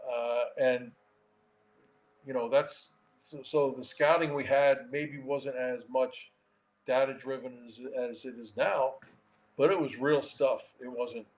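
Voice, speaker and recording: A man in his sixties, a former baseball player and manager, telling stories in a casual interview with an animated delivery and frequent restarts. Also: mid-range voice, poor audio.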